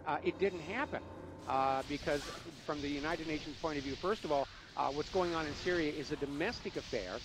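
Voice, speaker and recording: A man's voice: fairly high pitch, brisk, music in the background, poor audio. A man hosting a talk radio show, asking questions and cutting in with pointed remarks, often hesitating with "uh". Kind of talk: radio interview.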